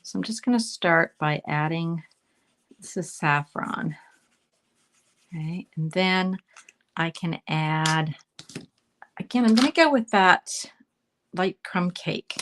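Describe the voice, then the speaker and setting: A Canadian woman chats and thinks aloud while coloring during a relaxed live card-making demo, frequently sinking into a soft murmur. Her voice sits fairly low and is animated, with a slow delivery, long pauses, and a slight hiss or hum underneath.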